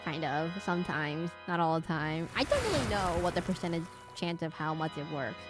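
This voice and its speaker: A woman's voice: low voice, brisk, loud music behind the voice. A young woman streaming a game, chatting casually and thinking aloud in a rambling way. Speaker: VTuber streamer. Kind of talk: casual gaming stream chat.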